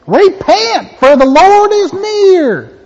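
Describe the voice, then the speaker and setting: A man voicing a scolding fire-and-brimstone preacher with a Southern accent, booming and drawn out. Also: big pitch swings, slow pace, gravelly, a little mellow, full character voice. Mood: thundering. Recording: echoey church hall, dull lo-fi.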